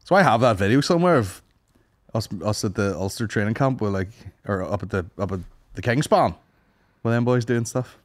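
A young Northern Irish man co-hosts a comedy podcast, trading casual banter and telling rambling stories packed with swearing. His lowish voice is animated and fairly quick, and he puts on voices when quoting people.

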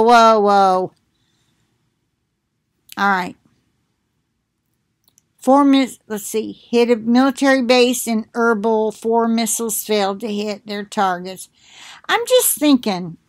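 A middle-aged woman muses slowly at home, drawing out her words in an unhurried, deliberate way. Her voice is dry and close, with no room sound around it. She keeps stopping to cough and clear her throat. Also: a little high, dry recording. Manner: slow, musing, thinking aloud. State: coughing, choking up. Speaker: video blogger. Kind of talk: casual commentary with scripture reading.

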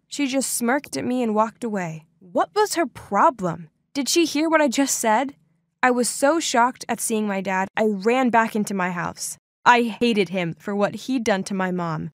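A woman's voice: on the high side, no room sound, clean studio sound. A young woman narrating a dramatic first-person story with lots of exclamations.

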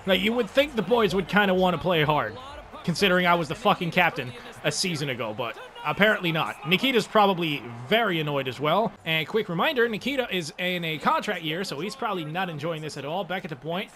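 Excitable young man ranting over a hockey game. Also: high-pitched, fairly quick, a little hiss or hum. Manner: excitable, swings between frustrated outbursts and muttered asides, swears often. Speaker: gaming channel host. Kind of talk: live gameplay commentary.

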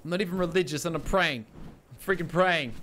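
Commentating a survival game for his let's-play video, a young man who is a gaming YouTuber sounds frantic and exasperated, saying things over and over. He has a fairly high, fairly bright voice, talks a little fast, and there's a slight hiss or hum.

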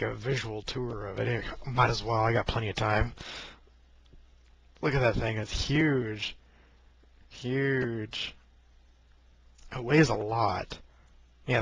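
A man's voice: on the low side, gravelly, fairly bright tone, breathy edge, dry recording. A man sitting at his computer desk, rambling in a joking, self-deprecating way into a mic held close to his face. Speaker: video blogger. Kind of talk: casual rambling vlog. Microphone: close-up mic he keeps bumping.

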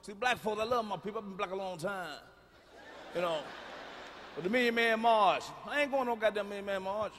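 High, bright, profane stand-up comedian. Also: male voice, brisk, slight background noise. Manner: profane, blunt, and booming, with shouted punchlines. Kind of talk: stand-up routine. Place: large concert venue. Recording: live stage mic in a reverberant arena.

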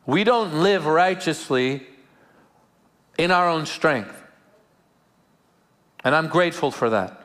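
A man's voice: a little high, lively intonation, takes it slowly, pauses often, fairly bright tone. A man preaches in church with a slightly raised voice. His delivery is earnest and searching, often repeating a word before landing the point. Light humorous asides break up the sermon. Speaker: pastor. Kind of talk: live sermon. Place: church service before a congregation.

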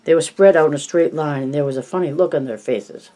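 A man narrating a novel in an even, measured storytelling voice. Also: fairly high pitch, poor audio. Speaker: audiobook narrator.

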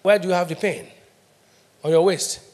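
A middle-aged Nigerian man preaching with emphatic call-and-response. His voice sits high for a man. He drives each point home and asks the congregation to answer. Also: steady tone, normal speed, darkish tone. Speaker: pastor. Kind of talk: sermon.

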